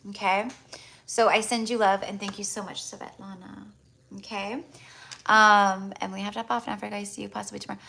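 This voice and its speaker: A woman hosts a casual live tarot stream and talks straight to her viewers. She is chatty and affectionate and leans on "like" as a filler. Her pitch sits in a middle range for a woman. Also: vocal fry, bright, forceful tone. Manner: chatty, heavy use of "like" fillers; affectionate, addresses viewers as "my love".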